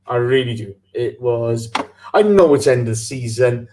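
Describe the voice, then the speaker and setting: A man hosting a live fan podcast, rambling and animated, breaking into sweary rants. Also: mid-range voice, normal speed. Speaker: podcast host.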